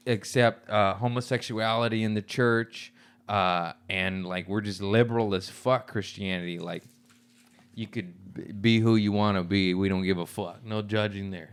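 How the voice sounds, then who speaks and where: Low-voiced man joking crudely. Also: smooth. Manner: profane, teasing, laughs often. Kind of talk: crude comedic banter.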